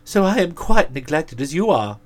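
A mild demon of repentance speaks plaintively in a high, sing-song voice, put on by a male narrator. He sounds rueful rather than wicked. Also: big pitch swings, moderate pace.

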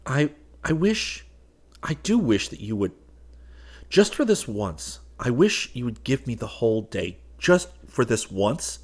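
A man voicing an earnest, lovestruck young man in an audiobook, pleading in a low voice. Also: sing-song, measured pace, a little mellow. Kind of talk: audiobook character voice.

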